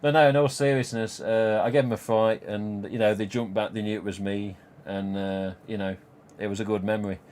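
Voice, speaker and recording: Man, middle-aged, lowish voice, casual rambling anecdotes, swears a lot, live stream host. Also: steady tone, brisk, hardly any pauses, a little mellow. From Nottingham, England. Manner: rambling, swears freely, laughs at own jokes. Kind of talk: casual storytelling chat.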